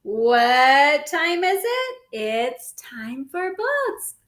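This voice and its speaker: A woman hosting storytime, reading a picture book aloud to children in an animated, coaxing way with gasps and exclamations. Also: sits high, very slow, roomy sound. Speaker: storytime host.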